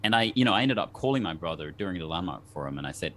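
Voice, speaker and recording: A man's voice: low voice, expressive, very fast, few pauses, fairly bright tone. A man from Denmark, a guest on a talk show, telling a personal story in an earnest, reflective way with many restarts.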